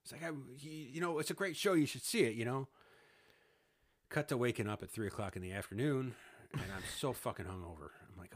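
A man's voice: medium pitch, lively intonation, brisk. A man in his thirties telling a story in a casual podcast chat, laughing often, swearing and acting out what people said. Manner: laughing, swearing, acts out quotes. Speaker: podcast host.

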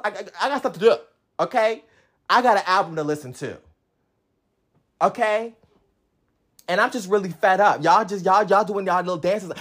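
Her pitch is medium and her tone a bit bright. Ranting comically to camera, this young woman is sassy and combative, boasting with profanity about being the number one fan.

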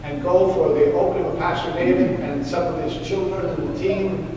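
A man's voice: high voice, normal speed, noisy background. A man preaching as a pastor, telling a story and acting out the lines of the people in it. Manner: animated storyteller acting out quoted dialogue. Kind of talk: sermon storytelling. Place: large hall or church. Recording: echoey hall from far off, faint ambience.

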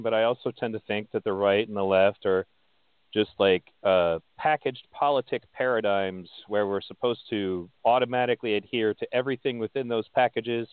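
A man's voice: on the low side, smooth, no room sound. A man hosting a podcast, giving casual political commentary in a hesitant way with frequent fillers. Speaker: podcast host. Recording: dry, phone-like thin sound.

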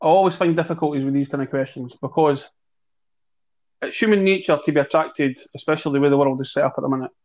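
A man co-hosting a football chat show, speaking in a measured way and thinking aloud with fillers. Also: fairly high pitch, a little mellow, muffled recording. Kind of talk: casual podcast chat.

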